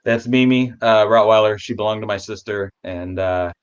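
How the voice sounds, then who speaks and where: A man with a fairly low voice speaks as a guest on a casual video chat. He rambles, restarts his sentences and talks warmly about his pets. The sound is dull and lo-fi. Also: moderate pace, clean tone.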